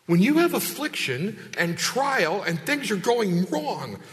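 A man preaching a sermon as a pastor, lively and conversational, acting out quoted voices with big jumps in pitch. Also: slow pace, few pauses. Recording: long hall reverb.

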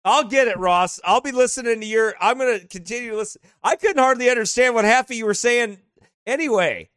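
A man telling casual stories over travel photos, animated and quick to laugh. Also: extremely high pitch, smooth, no echo, studio quality. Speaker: vlogger showing travel photos. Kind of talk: casual storytelling.

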